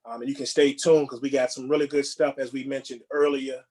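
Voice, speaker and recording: A man co-hosting a movie podcast in casual chat, relaxed and rambling, often repeating words and restarting. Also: mid-range voice, a little fast. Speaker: podcast co-host.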